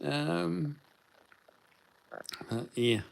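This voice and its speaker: A man's voice: on the high side, very slow, creaky. A man with a New Zealand accent hosting a casual livestream, answering viewer chat in a rambling, easygoing way with lots of fillers and restarts.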